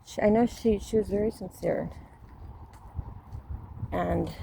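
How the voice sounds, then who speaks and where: Out on a street with her dog, a middle-aged Southern Californian woman vlogs into a handheld phone, chatting personally in a candid, rambling way with frequent restarts. Her mid-range voice is warm and creaky, slow, with long pauses. Slight background noise is audible.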